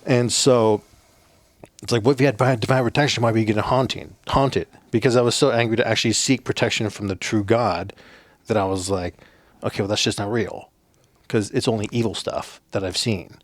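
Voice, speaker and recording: With a lowish voice and a fairly quick pace, a Navajo reservation man from the United States, once a soldier, guests on a podcast and tells rambling, offhand stories heavy on fillers and cursing. There's no echo.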